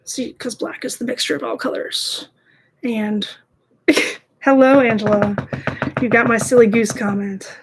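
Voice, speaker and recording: Giggly woman chatting to her stream while she paints at home, kinda high voice, light hiss in the background. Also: fairly even intonation, a little slow, long pauses. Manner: chatty, giggly, self-deprecating. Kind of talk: casual live-stream chat while painting. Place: home, at a laptop.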